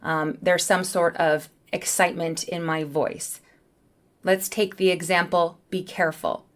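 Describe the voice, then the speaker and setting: A woman teaching a beginner English lesson, speaking in a clear, careful way. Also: lowish voice, fairly even intonation, unhurried.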